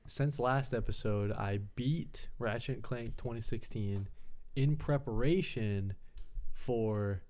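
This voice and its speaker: A young man co-hosting a gaming podcast with a laid-back, easygoing delivery. His voice sits at an ordinary middle pitch, and he rambles through stories with crude jokes. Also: takes it slowly, darkish tone. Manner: laid-back, crude humor, loose storytelling. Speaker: podcast co-host. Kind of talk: casual chat.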